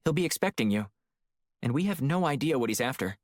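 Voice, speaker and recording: A male audiobook narrator voicing a steady, cautious female intelligence handler who talks in a measured, advising way. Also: medium pitch, dry recording, studio quality, pitched above the performer's own voice, close to an everyday voice.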